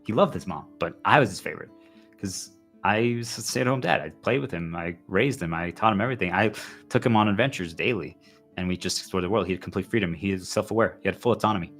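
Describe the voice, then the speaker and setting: Intense rambling man, bright tense voice. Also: low voice, quick pace, soft background music. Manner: intense, repetitive, heavy use of "like". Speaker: livestreamer. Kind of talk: rambling personal monologue.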